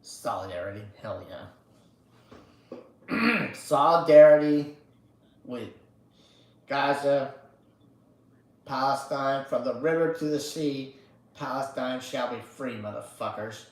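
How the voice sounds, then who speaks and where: A man hosting a casual livestream, ranting slowly and profanely and chanting slogans. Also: mid-range voice, echoey room. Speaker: livestream host. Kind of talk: casual political livestream rant.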